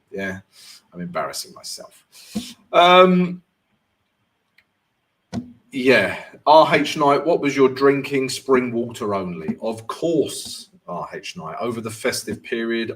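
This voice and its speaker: A man's voice: fairly low pitch, a bit bright, a little hiss or hum. A man hosting a live-stream Q&A as a forex trading coach, chatty and jokey, constantly checking in with "right?".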